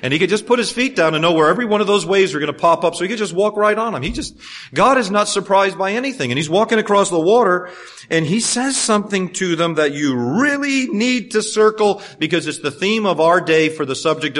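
This man, preaching as a pastor, has a high-pitched voice and talks a little fast. He's animated, moving between booming emphasis and quiet moments, and drops in homespun jokes along the way.

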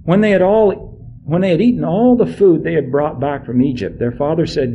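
A man's voice: fairly high pitch, a little fast, dark tone, highs cut off, slight background noise. A man with a congested throat reading a Bible passage aloud to a group of listeners. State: congested, clearing his throat. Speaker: scripture reader. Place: room with listeners present.

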